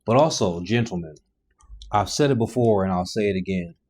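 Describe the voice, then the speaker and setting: A man with a fairly low voice delivers blunt reaction commentary between video clips. He talks plainly and disapprovingly about what he has just watched. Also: expressive, fairly quick, a little mellow.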